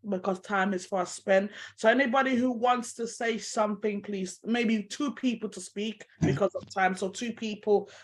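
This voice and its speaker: A woman's voice: mid-range voice, rough recording. A woman hosting an online panel discussion over a video call, speaking with emotion as she holds back tears. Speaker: host.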